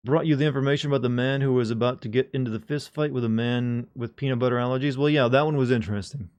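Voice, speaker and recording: A man's voice: medium pitch, steady tone, fast, a little mellow. A man chatting casually to his live-stream audience, joking and rambling with frequent restarts. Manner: joking, rambling, talks to chat.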